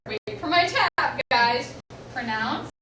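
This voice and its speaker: A woman teacher leading a classroom lesson for children, giving clear call-and-response cues and encouraging her pupils. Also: sits high, big pitch swings, takes it slowly, crowd noise. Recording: roomy classroom echo, distant mic, noisy.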